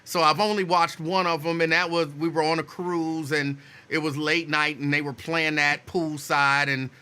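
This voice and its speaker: A man hosting a casual talk show, relaxed and quick to laugh. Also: on the high side, clear, resonant tone. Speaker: host. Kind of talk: casual talk-radio chat.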